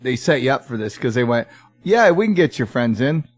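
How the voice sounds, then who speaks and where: A man's voice: medium pitch, a little fast, soft background music. A man co-hosting a podcast, joking around and acting out exaggerated quotes in casual banter. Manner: animated, jokey, acts out exaggerated quotes. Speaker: podcast co-host.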